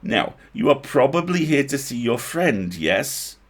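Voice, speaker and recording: A man voicing a kindly male elf healer in a put-on Welsh accent, speaking slowly and politely. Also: mid-range voice, big pitch swings, voice pushed up. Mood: courteous. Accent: Welsh, put on badly. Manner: slow, careful, polite.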